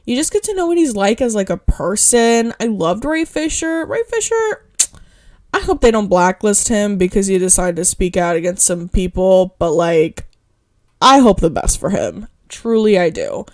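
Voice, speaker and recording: A woman's voice: medium pitch, very animated, darkish tone. Young woman vlogger, casual, eager, rambling delivery with constant fillers. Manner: rambling, lots of "um" and "like"; enthusiastic, quick to gush. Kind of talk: casual movie review ramble.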